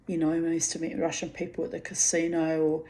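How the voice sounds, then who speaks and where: A woman's voice: sits low, monotone, fast talker, dark tone, a little hiss or hum. A woman in her fifties from New Zealand, telling a rambling personal story straight to her listeners. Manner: rambling, chatty, addresses listeners directly.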